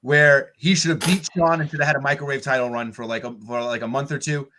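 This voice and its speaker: A man's voice: mid-range voice, fairly even intonation, fast, sharp tone. A man co-hosting a casual chat, rambling with many restarts. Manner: rambling, restarts, laughs easily. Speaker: podcast co-host.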